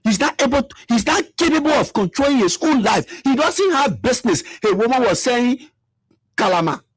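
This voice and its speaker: A fiery Liberian political commentator with a high, husky voice delivers impassioned commentary, animated and a little fast. He repeats himself and fires off rhetorical questions, and the audio has no echo.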